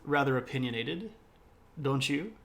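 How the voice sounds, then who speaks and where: A middle-aged man from South Mississippi hosts a casual history livestream, chatty and by his own account opinionated, wandering into rambling asides. His mid-range voice is expressive and fairly bright with vocal fry, at a normal speed.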